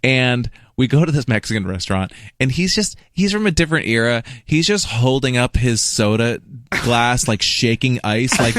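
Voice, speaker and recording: A man's voice: medium pitch, normal speed, very noisy. A man, a comedian guest on a morning radio show, telling funny stories and laughing through them. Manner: animated, laughing through anecdotes. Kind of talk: comic storytelling. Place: radio studio.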